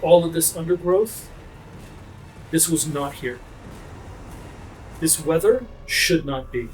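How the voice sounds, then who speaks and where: A man voicing a stern male chief of scouts who speaks in a solemn, measured way during a tabletop game. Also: on the high side, animated, a little hiss or hum, poor audio. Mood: grave.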